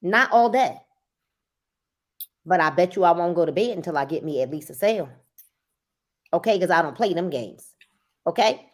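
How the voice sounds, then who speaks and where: A woman sales coach in casual motivational talk, emphatic and repeating phrases for effect, sometimes breaking into loud urging. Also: fairly low pitch, expressive, moderate pace, long pauses. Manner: bursts into loud urging at times.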